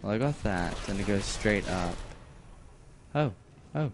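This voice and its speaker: A man's voice: on the low side, expressive, unhurried, background noise. A man commentating on a game he is playing, muttering to himself with sudden bursts of outrage. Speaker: gameplay commentator. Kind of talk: let's play commentary.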